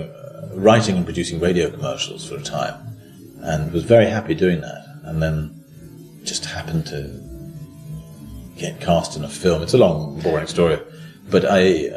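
A man's voice: deep voice, a little mellow, roomy sound. An older man from Britain, an actor being interviewed, speaking in a hesitant, self-deprecating way with many restarts. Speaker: actor guest. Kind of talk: relaxed interview chat.

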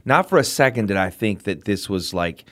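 A man as an interview guest, chatting in an animated way and telling a personal story with lots of fillers. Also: fairly low pitch, moderate pace. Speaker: guest telling how he met his wife. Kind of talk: casual storytelling.

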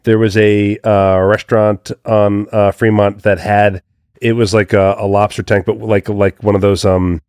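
A man's voice: lowish voice, flat delivery, normal speed, darkish tone, clean tone, no room sound, clean studio sound. A man co-hosting a podcast, chatting casually and acting out quotes as he tells a story. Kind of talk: casual chat.

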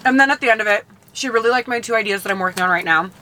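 A woman's voice: medium pitch, racing, sharp tone. A young woman co-hosting a podcast, telling a story in casual chat and swearing freely while she eats. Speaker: podcast co-host.

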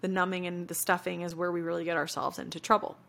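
Earnest young woman podcast host, lowish voice. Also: flat delivery, quick pace, gravelly, a bit bright. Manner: earnest and reflective, many fillers like "you know". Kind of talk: casual solo podcast talk.

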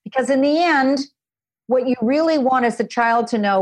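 A woman's voice: high-pitched, moderate pace. A woman guest on a podcast interview, earnestly explaining parenting and acting out what parents and children say. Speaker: guest author and parenting expert.

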